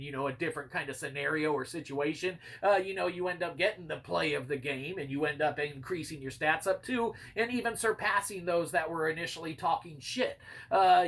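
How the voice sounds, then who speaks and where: A man talks through a video game review in a loose, rambling way, leaning on filler words and tossing in curses and dry sarcasm. His voice sits a little higher than most men's. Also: fairly bright tone. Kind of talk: casual rambling commentary.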